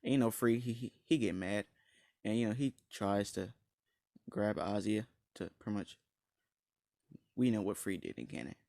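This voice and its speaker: A man's voice: on the low side, normal speed, gravelly, pauses often, mellow, dry recording, studio quality. A man casually retelling a fan story, rambling, slangy and blunt, with many restarts and fillers.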